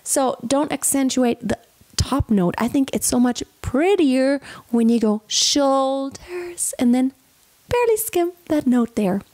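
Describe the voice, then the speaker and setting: High-voiced woman coaching a singing lesson. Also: expressive, a little slow, a little mellow. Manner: instructive, encouraging, explains technique step by step. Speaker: vocal coach. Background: faint backing track of the song.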